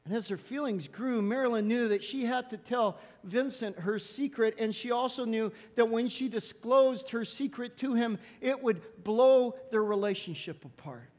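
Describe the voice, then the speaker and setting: A man preaching a sermon, telling a story dramatically and dropping to hushed soft lows. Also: normal speed, few pauses, in a large hall.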